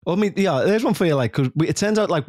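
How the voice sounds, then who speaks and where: A man with a Yorkshire accent, a podcast guest telling anecdotes in casual chat and dropping into high mock voices. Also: very fast, dry recording, clean studio sound. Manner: animated storyteller, jumps into high mock voices.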